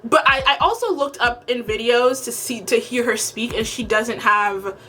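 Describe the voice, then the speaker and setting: Vlogger, woman from the Caribbean, frank and chatty, voice a little high, faint room hiss. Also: normal speed, bright, forceful tone. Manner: frank, opinionated and conversational. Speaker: TV review vlogger. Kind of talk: casual opinion vlog.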